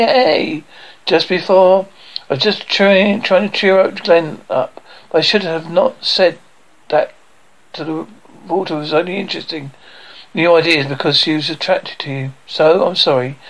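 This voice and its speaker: A man's voice: on the high side, highs cut off. A man performing a one-man reading of a sitcom script, voicing every part himself and reading the stage directions aloud.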